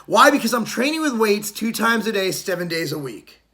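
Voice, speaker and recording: A man's voice: high voice, very animated, moderate pace, sharp tone. A middle-aged man, a fitness vlogger, giving a brash, profane, mocking rant to the camera.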